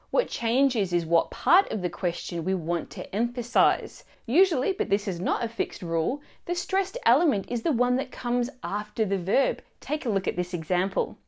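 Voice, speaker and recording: A woman narrating a scripted language lesson in a clear, expressive teaching manner. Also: medium pitch. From Australia.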